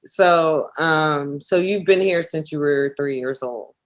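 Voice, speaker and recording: Easygoing woman podcast host, lowish voice. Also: takes it slowly. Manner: easygoing interviewer, asks follow-up questions. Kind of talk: casual podcast interview.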